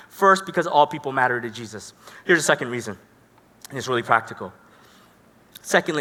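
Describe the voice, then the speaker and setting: A man preaching a sermon as a pastor, telling stories in an animated, dramatic way. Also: sits high. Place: church hall. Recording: echoey church hall.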